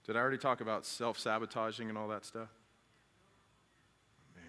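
A man, a father, preaching a conversational sermon, putting questions to the congregation and jumping to loud emphatic peaks. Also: on the low side, level tone, brisk. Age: adult father. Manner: talks directly to the congregation with questions.

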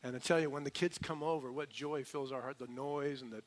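An older man preaching a sermon, earnest, moving from loud exhortation to soft, personal storytelling. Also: medium pitch, steady tone, a little fast. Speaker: pastor.

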